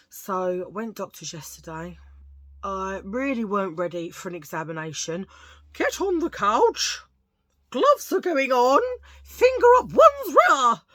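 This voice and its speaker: A chatty woman with a Cockney accent tells jokey stories in a low-pitched voice, wandering off into asides. She talks casually to her viewers from home. The sound is dry and close, with no room echo. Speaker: vlogger. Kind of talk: casual chat. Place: at home, sitting under a lamp.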